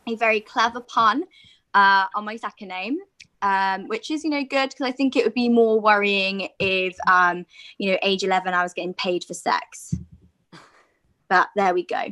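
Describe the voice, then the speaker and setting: Bright chatty young woman doing stand-up. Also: medium pitch, steady tone, moderate pace. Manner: chatty, self-deprecating, many fillers. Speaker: stand-up comedian. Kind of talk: stand-up set over video call. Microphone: video call, close to screen.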